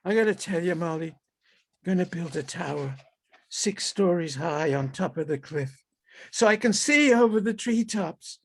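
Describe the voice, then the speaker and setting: Slow, gravelly high-voiced man reading. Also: expressive. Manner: halting, musing, talks to animals and people in the scene. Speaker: author reading his fiction. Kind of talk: performed first-person character monologue. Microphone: video call.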